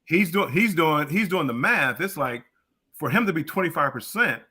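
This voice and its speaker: A man's voice: fairly high pitch, expressive, normal speed, sharp tone, slightly rough. An older man co-hosting a casual live-stream chat, often stammering and restarting as he reasons things out. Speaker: co-host.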